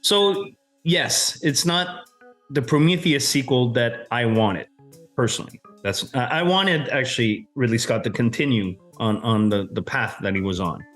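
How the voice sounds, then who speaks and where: A man's voice: mid-range voice, expressive, measured pace, a bit bright, faint music behind. A man co-hosting a show, arguing his view of a film in casual debate, emphatic and swearing casually.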